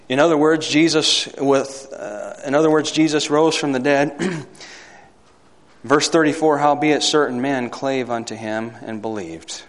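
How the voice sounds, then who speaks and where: A man preaching a sermon to a congregation, swinging from loud emphatic peaks to quiet asides and asking the listeners for amens. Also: medium pitch, fairly even intonation, measured pace. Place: hall or church. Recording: long hall reverb.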